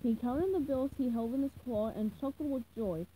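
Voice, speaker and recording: A woman reading a children's novelization aloud in a lively, expressive way. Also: high-pitched, normal speed, a little hiss or hum, rough recording. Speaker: reader. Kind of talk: storybook reading.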